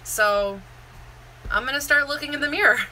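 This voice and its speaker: A woman's voice: high voice, moderate pace, bright, forceful tone, a little hiss or hum, rough recording. A woman, a Zumba instructor, talking candidly in a rambling, heartfelt live-stream chat, full of fillers and restarts. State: near tears.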